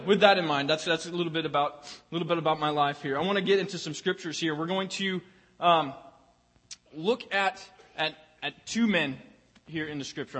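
Young male pastor, sermon, chatty and storytelling, slightly husky, long church reverb. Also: on the high side, fairly bright tone. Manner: conversational, storytelling, repeats words while finding his place. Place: church sanctuary. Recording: long reverb of a large hall.

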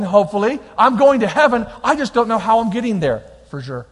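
A man preaching a lively sermon as pastor, swinging between quiet reflection and loud exhortation. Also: high-pitched, brisk. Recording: long hall reverb.

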